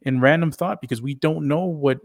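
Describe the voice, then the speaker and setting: A man's voice: fairly high pitch, no echo, clean studio sound. A man co-hosting a podcast, chatting casually and often repeating words as he searches for his point. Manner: halting, repeats words while searching for thoughts. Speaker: podcast co-host. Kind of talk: casual review chat.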